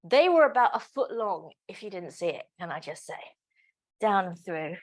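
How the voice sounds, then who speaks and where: A woman's voice: medium pitch, very animated, normal speed. A woman teaching a live pilates class, giving counted cues with joking, chatty asides. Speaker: pilates instructor. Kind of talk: live exercise class instruction.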